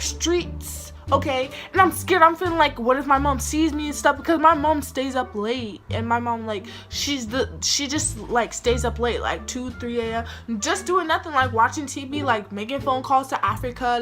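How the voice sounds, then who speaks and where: A woman telling a personal story in casual story-time style, animated and full of "like" fillers, acting out the people in it with big jumps in pitch.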